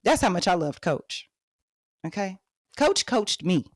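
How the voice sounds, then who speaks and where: A woman's voice: medium pitch, very animated, unhurried, no room sound, studio quality. A woman in her thirties with a Texan accent, hosting a podcast and telling her life story candidly, speaking straight to her listeners. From Texas. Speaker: podcast host. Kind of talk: personal storytelling monologue.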